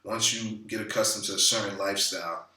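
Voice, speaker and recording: A man's voice: lowish voice, fairly even intonation, quick pace, sharp tone, distant mic. A man vlogging casually about money in a loose, profane, rambling way, full of fillers. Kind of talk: casual talking-head monologue. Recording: roomy echo, a bit off-mic.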